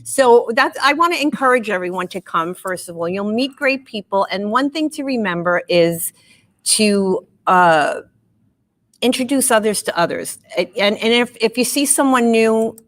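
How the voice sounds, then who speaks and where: A woman's voice: on the high side, expressive, moderate pace. Chatty middle-aged woman telling stories. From New York. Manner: chatty and warm, tells stories with quoted dialogue. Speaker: guest. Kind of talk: casual live-stream chat.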